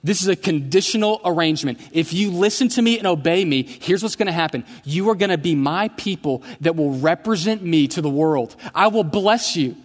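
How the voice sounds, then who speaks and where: Male pastor, sermon, chatty storyteller with humor; slightly high voice, echoing church hall. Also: brisk, few pauses. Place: church sanctuary. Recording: long church hall reverb.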